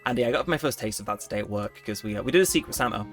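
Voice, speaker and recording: A young man chatting casually while he plays a video game, rambling, self-mocking and quick to laugh. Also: lowish voice, faint music behind. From United Kingdom. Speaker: let's play host. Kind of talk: casual gameplay commentary.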